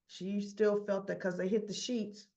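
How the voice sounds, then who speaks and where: Woman host, casual soap recap, slow unhurried delivery, a bit muffled lo-fi sound. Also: mid-range voice, flat delivery, warm tone. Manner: chatty, opinionated, talks straight to viewers; acts out the characters' lines in her retelling. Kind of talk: casual spoken recap to viewers.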